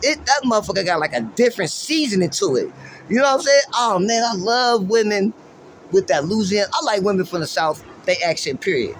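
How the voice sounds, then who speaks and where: A man's voice: sits high, lively intonation, fairly quick, a bit bright, slight background noise. A man from Los Angeles, hosting and musing in a laid-back, rambling way, with heavy slang, profanity and plenty of fillers. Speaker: podcast host. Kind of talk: casual street-slang musing.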